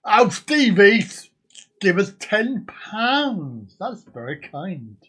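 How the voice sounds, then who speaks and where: A man's voice: sits high, sing-song, slow pace, sharp tone, breathy edge. A man hosting a casual live stream, rambling and joking as he chats to his viewers. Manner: jokey, rambling, sings and laughs along.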